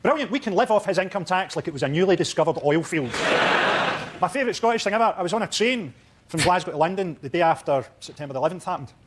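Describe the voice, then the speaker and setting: A man's voice: high-pitched, lively intonation, quick pace. A male comedian with a dry, sardonic delivery on a panel show. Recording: noisy studio.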